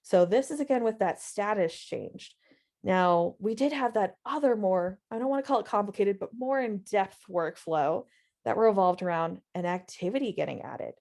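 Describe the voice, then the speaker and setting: Woman, software trainer, mellow warm voice, friendly, stresses key words. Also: mid-range voice, normal speed. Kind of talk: live webinar instruction.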